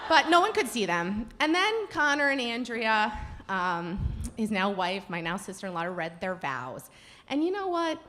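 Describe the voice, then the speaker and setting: Animated and poking fun at herself, a mid-range-voiced woman recounts a personal story in front of a live storytelling audience.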